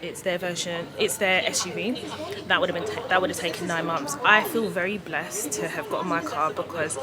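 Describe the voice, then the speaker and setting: A woman talks to her handheld camera at a car dealership, rambling and excitable. Her voice sits a little low. A crowd murmurs behind her. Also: fairly quick. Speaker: vlogger. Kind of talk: casual chat to camera.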